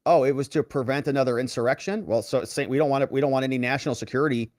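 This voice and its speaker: Racing through quoted political letters, a man who works as a lawyer mocks them with sarcastic commentary. His voice is medium in pitch, and the clean studio sound has no room tone at all.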